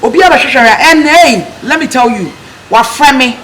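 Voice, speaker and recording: An actor with a Ghanaian accent playing a bold character who lectures quickly and chants a refrain in a comedy film. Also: high voice, animated, fairly bright tone, slight background noise, low-quality recording. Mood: lecturing. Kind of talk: comic film acting.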